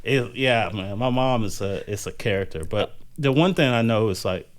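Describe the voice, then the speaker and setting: A man's voice: lowish voice, moderate pace. A man with a Southern American accent, co-hosting a podcast in casual chat, laid-back and swearing freely. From Southern United States. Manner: relaxed, frequent restarts and swearing. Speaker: podcast co-host.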